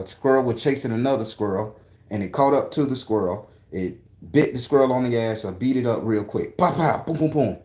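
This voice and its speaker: A man vlogging outdoors in a park, telling an excitable, profane, rambling story full of restarts. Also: lowish voice, reverberant. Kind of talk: animated personal storytelling.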